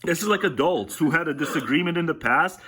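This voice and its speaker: A man's voice: on the high side, fast talker, bright, forceful tone, breathy edge. A man giving casual reaction commentary on a radio clip, sarcastic and laughing often.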